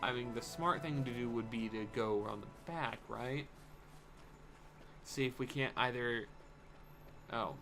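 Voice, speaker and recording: A man's voice: medium pitch, measured pace, creaky, long pauses. A man streaming a game, making dry, offhand asides. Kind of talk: gameplay commentary. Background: game music.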